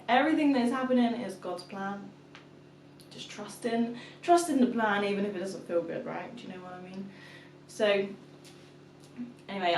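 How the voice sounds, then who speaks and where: Young mum vlogger, casual chatty storyteller, recorded in an echoey room. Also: female voice, mid-range voice, slight background noise. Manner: chatty storyteller, acts out her toddler's shouts. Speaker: vlogger, mother of two. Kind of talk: casual chat to camera. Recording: echoey room, mic at a distance.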